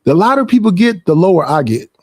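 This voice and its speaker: A young man, streaming a casual, profane, animated rant about personal space and family gatherings. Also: high-pitched, fast, no echo, studio quality.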